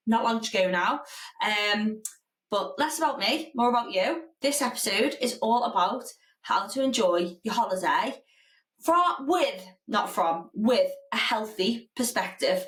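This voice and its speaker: A woman's voice: mid-range voice, fairly bright tone. A woman hosting a casual solo podcast, a little out of breath, chatty and candid with some swearing. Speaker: podcast host. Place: home room with a standing desk. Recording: echoey room, mic at a distance.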